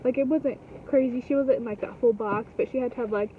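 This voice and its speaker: A woman's voice: a little high, fairly even intonation, fast, slight background noise. A young woman and new mother telling a rambling, indignant storytime vlog full of fillers and swearing. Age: young adult. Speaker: vlogger. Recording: tinny phone-like sound, slightly distant.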